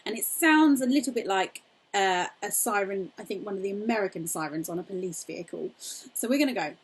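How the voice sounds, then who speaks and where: A young woman singing teacher leading a cheerful, encouraging warm-up lesson, demonstrating vocal exercises. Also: medium pitch, fairly quick, slight background noise.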